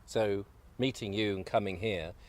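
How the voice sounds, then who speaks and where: Low-voiced man chatting outdoors. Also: steady tone, moderate pace. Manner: rambling, jokey, talks while eating. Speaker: guest, video maker. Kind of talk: casual outdoor chat. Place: outdoors on an allotment.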